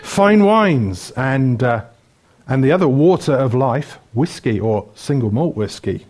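A middle-aged Welshman preaches a chatty sermon in a mid-range, darkish voice that's expressive and unhurried. He jokes around and lists things, with plenty of ums along the way.

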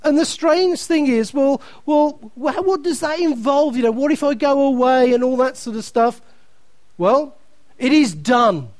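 Guy preaching a sermon, real high voice, dry sound, reads scripture, cracks little jokes. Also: unhurried, dry recording. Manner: emphatic, repeating key phrases, reading scripture aloud; playful asides to the congregation.

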